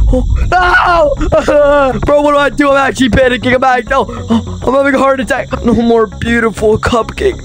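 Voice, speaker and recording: A man's voice: very high voice, a bit bright, rough recording. A man in a comedy skit playing a gamer kid, whiny and frantic. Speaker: YouTuber acting as a gamer kid.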